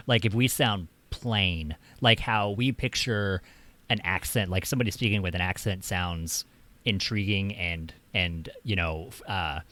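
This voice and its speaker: Man, American accent, fairly low voice, stream host, relaxed, filler-heavy chat. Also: measured pace. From United States. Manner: relaxed, chatty, many fillers.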